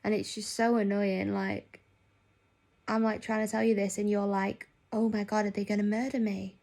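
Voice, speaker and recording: Young woman rambling on camera, gravelly fry in her voice, lots of likes and ums. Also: mid-range voice, flat delivery, moderate pace, darkish tone. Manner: rambling, chatty, heavy on fillers. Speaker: nurse. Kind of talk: casual vlog chat.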